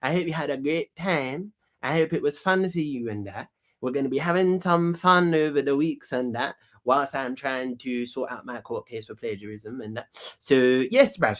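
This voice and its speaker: A man's voice: medium pitch, moderate pace, a bit bright. A man hosting a comedic talk show sketch, brash and full of slang, rambling and repeating himself.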